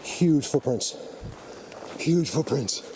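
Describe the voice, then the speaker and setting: A man's voice: on the high side, animated, slow pace. A man vlogging on a walk through a forest, talking emphatically and insistently to his viewers through the camera mic. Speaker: vlogger, Bigfoot field researcher. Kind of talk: walk-and-talk field vlog. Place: outdoors in a forest. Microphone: camera mic while filming. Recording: outdoor ambience, noisy, faint vehicle.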